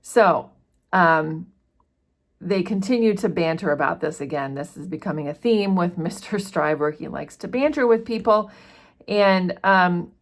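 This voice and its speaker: Chatty woman with a lower voice. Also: lively intonation, a little slow. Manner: chatty, paraphrases with frequent fillers. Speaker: book discussion host. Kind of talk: casual chapter-by-chapter book commentary.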